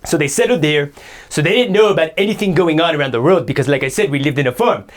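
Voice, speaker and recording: A man's voice: fairly high pitch, lively intonation, quick pace, close to an everyday voice. A man playing a boastful, self-pitying guy who rambles indignant complaints in an improvised comedy sketch.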